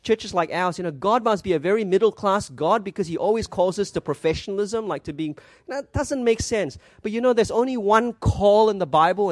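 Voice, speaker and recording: A male pastor preaches earnestly, stopping to ask rhetorical questions and to quote scripture. His voice sits high for a man. The sound is dry and close, with no room around it. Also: no echo. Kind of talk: sermon.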